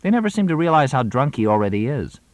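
A man voicing a sharp-tongued young woman who is an actress, wry and teasing. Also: mid-range voice, very animated, no room sound, voice pushed up, lightly acted. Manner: mocking, theatrical, quick-witted.

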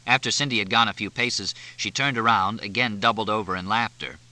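A man narrating an audiobook in a measured, expressive way. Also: lowish voice. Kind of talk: scripted narration.

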